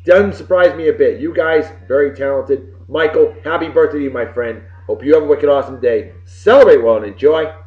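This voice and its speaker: A middle-aged man hosting a web show from home, giving casual birthday shout-outs in a boisterous, folksy, wisecracking way with some swearing. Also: fairly high pitch, a little fast, few pauses, faint music behind. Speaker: show host. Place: home room with computer behind him. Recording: roomy, dull lo-fi webcam audio.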